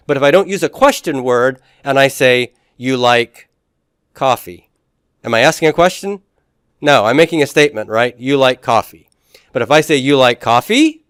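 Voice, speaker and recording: A man teaching a classroom lecture in a relaxed way, with frequent fillers and restarts. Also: mid-range voice, clear, resonant tone, dry recording, clean studio sound.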